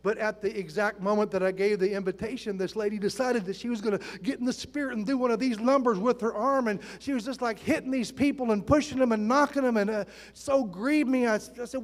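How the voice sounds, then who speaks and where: A man in his sixties delivers a sermon, acting out the people in his stories. His voice sits very high for a man, and it echoes with a long reverb through a large church sanctuary. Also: brisk, few pauses. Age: 60s. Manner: animated storytelling, acts out quotes. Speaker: pastor.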